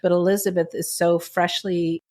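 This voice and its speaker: A woman's voice: on the low side, flat delivery, normal speed, a little mellow. A woman co-hosting a podcast, recapping a TV drama in casual chat with gushing, emotional enthusiasm. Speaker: podcast co-host.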